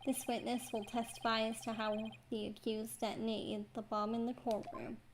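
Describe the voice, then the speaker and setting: A woman's voice: fairly high pitch, level tone, normal speed, background noise, natural voice. A woman voicing a snide, self-satisfied young male prosecutor in a video game, over game music. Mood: smug.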